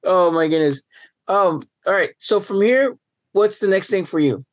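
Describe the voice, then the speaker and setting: A middle-aged man hosting a podcast in relaxed, casual chat, laughing easily and swearing freely. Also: high-pitched, normal speed, no echo. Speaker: podcast host.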